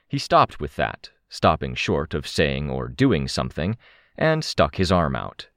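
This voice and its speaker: A man narrates first-person fiction in a very low voice that swings widely in pitch. He takes his time, and the reading is close and dry. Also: sing-song, unhurried, fairly bright tone, no room sound. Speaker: audiobook narrator.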